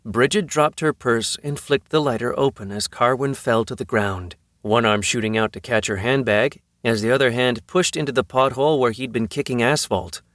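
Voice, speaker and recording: A man reading a fantasy novel as an audiobook narrator, in an even, measured storytelling manner. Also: medium pitch, dry recording, studio quality. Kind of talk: scripted narration.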